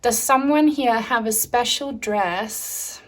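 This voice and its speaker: A young woman speaks to her viewers during a spiritual tarot reading, unhurried and calm. Her voice is soft and soothing, and she keeps reassuring them gently. She sounds a little out of breath. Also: fairly high pitch. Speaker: tarot reader.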